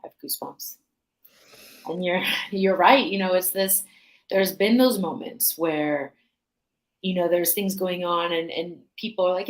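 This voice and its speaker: A woman's voice: on the low side, normal speed. A woman hosting a podcast who answers her guest with reflective thoughts and images. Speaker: podcast host. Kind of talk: casual podcast interview.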